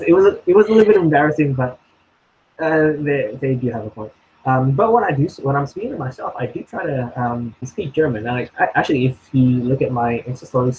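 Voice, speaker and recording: A man's voice: mid-range voice, a little mellow, slight background noise, rough recording. A young man from Indonesia chatting casually as co-host, hesitant with many fillers and restarts. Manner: hesitant, many ums and restarts, laughs often. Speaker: co-host answering questions. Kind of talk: casual conversational chat.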